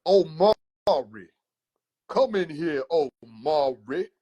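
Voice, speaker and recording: A man imitating his theatrical, stern older uncle, drawing out his commands slowly and pompously. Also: on the high side, lively intonation, dark tone, slightly rough, muffled recording, full character voice. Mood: summoning. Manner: drawn-out, slow, pompous commands. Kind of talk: comedic storytelling impression.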